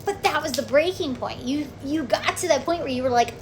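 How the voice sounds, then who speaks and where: A woman with a slightly high voice recounts her own experience in a chatty, animated vlog. She keeps checking in with "okay?" and peppers her talk with "like". A faint background noise runs underneath. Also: a little fast, few pauses. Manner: animated, acts out quotes, frequent "okay?" and "like". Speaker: vlogger. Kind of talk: casual personal storytelling.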